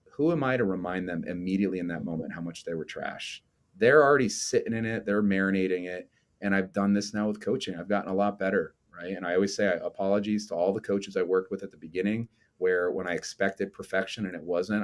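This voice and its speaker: A man in his forties, a coach and lecturer, talking in a casual interview with an animated manner and frequent tag questions. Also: deep voice. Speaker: strength coach and lecturer, podcast guest.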